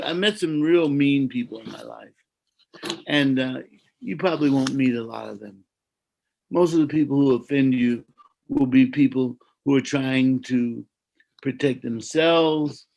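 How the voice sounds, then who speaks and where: American priest, gravelly mid-range voice, gentle reflective storyteller on a video call. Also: male voice, medium pitch, poor audio. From United States. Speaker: Orthodox priest. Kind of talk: personal storytelling in a conversation.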